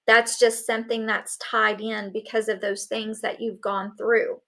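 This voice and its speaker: Bright-voiced woman telling her story. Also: fairly high pitch, flat delivery, measured pace, vocal fry. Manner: earnest storytelling, acting out quoted voices. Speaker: summit speaker. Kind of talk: personal testimony talk.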